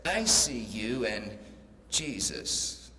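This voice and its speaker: A man doing a hushed, eerie talking parrot. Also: big pitch swings, background noise, full character voice. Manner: slow, low and hushed, then loud and sharp. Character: talking parrot watching from a dark corner. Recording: echoey hall over a PA.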